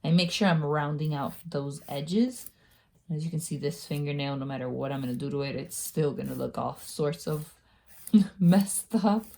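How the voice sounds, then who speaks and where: A woman talking through a casual nail-care tutorial, chatty and quick to laugh at herself. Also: low voice, creaky, mellow. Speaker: beauty vlogger.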